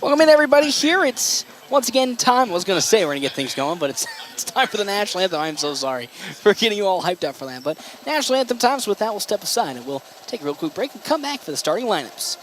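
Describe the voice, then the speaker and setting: A man calling a local high school basketball broadcast, chatty and rambling with self-corrections. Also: very animated, fast, a bit bright, slight background noise. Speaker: play-by-play broadcaster. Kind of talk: local radio sports commentary.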